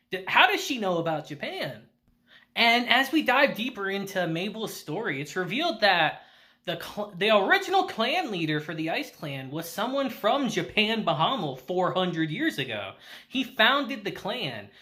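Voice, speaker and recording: A woman casually recapping an anime episode, laughing often and acting out the characters. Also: fairly low pitch. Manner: laughs often while retelling; animated, acts out characters in quick asides. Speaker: anime reviewer.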